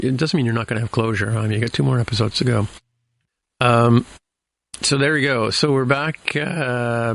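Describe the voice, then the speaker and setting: A man's voice: lowish voice, vocal fry. A man hosting a podcast, recapping a TV episode in a loose, rambling way with lots of fillers and restarts. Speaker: podcast host.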